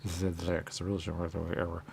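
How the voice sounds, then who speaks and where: A man hosting a radio show, rambling in a repetitive monologue with sudden loud outbursts. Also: low voice, completely flat delivery, fast talker, vocal fry, a little hiss or hum. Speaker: radio host. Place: radio studio.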